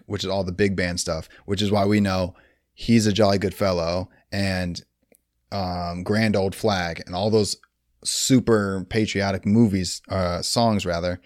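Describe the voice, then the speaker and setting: A man's voice: low-pitched, dry recording, clean studio sound. A man co-hosting a casual movie review chat, enthusiastic and full of "like" and "dude". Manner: enthusiastic, heavy use of "like" and "dude". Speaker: podcast co-host.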